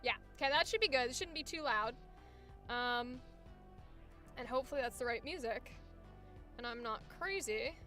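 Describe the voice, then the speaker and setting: A woman's voice: fairly high pitch, normal speed, long pauses, pushed and bright. A woman voice actor chatting casually on a live stream, swearing freely and laughing easily, with faint music playing behind her. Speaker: voice actor streaming a coaching session. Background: faint background music.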